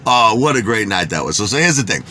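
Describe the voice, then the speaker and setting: Lively Brooklyn man spinning a boastful yarn. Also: on the low side, fast, a little hiss or hum. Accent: Brooklyn New York. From Bensonhurst, Brooklyn. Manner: animated, street-talking, swears he doesn't lie. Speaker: vlogger. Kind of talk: boastful storytelling.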